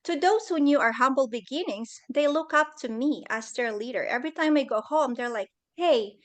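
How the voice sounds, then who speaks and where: A woman's voice: sits high, fairly quick. A woman speaking as a guest at a leadership summit over a video call, telling a personal story in an earnest, heartfelt way.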